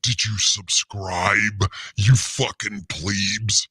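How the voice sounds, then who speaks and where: Deep slow villain voice, pitch-shifted, raspy and husky, taunting. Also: male voice, fairly even intonation, pushed and bright, dry recording, exaggerated voice. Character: deep menacing male soundboard villain voice. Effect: voice changer soundboard.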